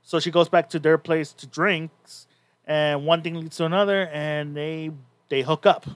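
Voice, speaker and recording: A man co-hosts a casual podcast and retells a story in a loose, rambling way, restarting his sentences often. His voice sits a little high. The sound is dry and close, with no room around it. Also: steady tone, measured pace, clear, resonant tone, no echo. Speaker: podcast co-host. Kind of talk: casual chat recapping a story.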